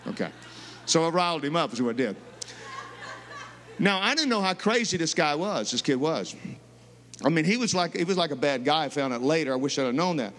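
High-voiced pastor preaching in a long reverb. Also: male voice, brisk, long pauses. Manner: animated storytelling with repeated words. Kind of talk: sermon. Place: large church sanctuary. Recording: long reverb of a large sanctuary.

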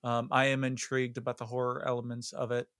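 A man's voice: mid-range voice, completely flat delivery, quick pace, fairly bright tone, dry recording, clean studio sound. A man co-hosting a podcast, curious and joking, who swears freely while chatting about a game. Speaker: podcast co-host. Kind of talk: casual podcast banter.

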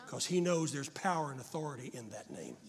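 An older man preaching a fervent sermon to a congregation, often rising to shouts. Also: mid-range voice, expressive, a little fast. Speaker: pastor.

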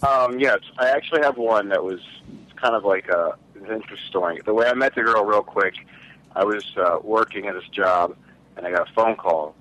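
Man, lowish pitch, bright tone, easygoing casual story. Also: brisk, poor audio. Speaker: podcast co-host.

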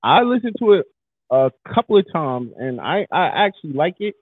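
Animated New man on a tinny line. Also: fairly high pitch, moderate pace, breathy edge, dry recording. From New York. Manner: animated, hypes up with shouted mock street talk. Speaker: podcast co-host. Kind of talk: casual chat. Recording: tinny phone-like sound.

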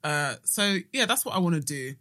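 A woman's voice: fairly low pitch, lively intonation, moderate pace, bright, forceful tone. A young woman in casual podcast chat, frank and swearing freely. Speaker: podcast co-host or guest.

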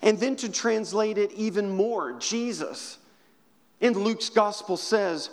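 A man preaching a sermon in a big hall, his fairly high voice carrying a long reverb. He talks slowly and deliberately, rising to loud, emphatic passages and then dropping to hushed ones. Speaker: pastor.

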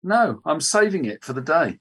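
A man co-hosting a radio chat show, speaking in a measured way with dry, sarcastic humour. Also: fairly high pitch, very animated, breathy edge.

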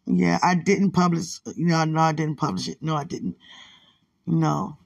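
A woman leaving a soft, rambling, affectionate voice message while lying in bed at night, with her phone held close to her mouth. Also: low-pitched, normal speed, gravelly, dry recording. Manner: soft, hushed, rambling and affectionate, often religious. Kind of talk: intimate late-night voice message.

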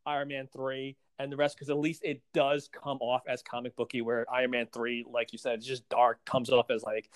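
A man co-hosting a casual movie-ranking podcast, rambling with restarts and getting animated when poking fun. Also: mid-range voice, normal speed, hardly any pauses, dry recording. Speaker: podcast co-host.

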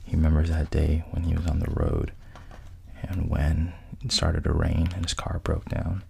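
A man with a very low, gravelly voice retells a film's story at an easy pace, quoting the characters plainly and often sinking to a whisper. His tone is dark and mellow, with a faint hiss of noise behind him. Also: normal speed. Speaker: storyteller retelling a film plot. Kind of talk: casual spoken retelling.

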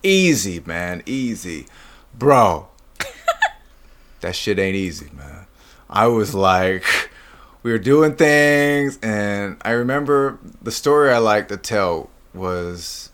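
A man's voice: lowish voice, fairly bright tone, clean tone. A man in casual chat as an actor guest, a laid-back storyteller who acts out quoted lines and laughs often.

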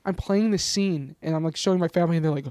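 Young male podcast co-host, rambling storyteller, slightly high-pitched, dry close sound. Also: quick pace, mellow, no echo. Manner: rambling, laughs often, loose storytelling. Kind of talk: casual chat.

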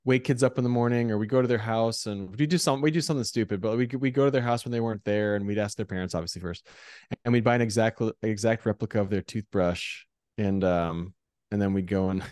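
A man's voice: on the low side, fast talker, darkish tone, no room sound, clean studio sound. An American man co-hosting a church podcast in casual chat, rambling and self-deprecating with frequent laughter.

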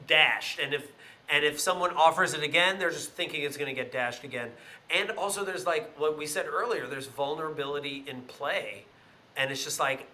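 A man's voice: fairly high pitch, bright, forceful tone. A man chatting animatedly as the interviewer on a podcast, often repeating and echoing his phrases. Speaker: guest interviewer. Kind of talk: casual chat.

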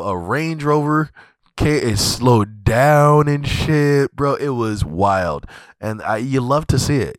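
A man's voice: mid-range voice, no room sound. A young man hosting a podcast, talking in a loose, profane, comedic monologue and laughing often. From USA. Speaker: podcast host.

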